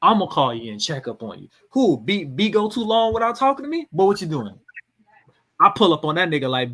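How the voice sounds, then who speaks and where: Husky, lively-voiced podcast host preaching. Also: male voice, on the high side, brisk. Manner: preachy, emphatic, swears freely. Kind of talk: casual podcast chat.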